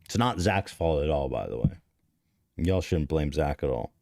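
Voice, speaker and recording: A man's voice: very deep voice, lively intonation, moderate pace, gravelly, darkish tone, dry recording, clean studio sound. A man in his thirties hosting a podcast, telling a story in a rambling, profane, self-interrupting way. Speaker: podcast host. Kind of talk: casual confessional storytelling.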